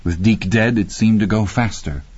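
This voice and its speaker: A man narrating a horror audiobook in a measured, grim, deliberate way. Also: on the low side, a little mellow, breathy edge, no room sound. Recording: dry, slightly muffled studio read.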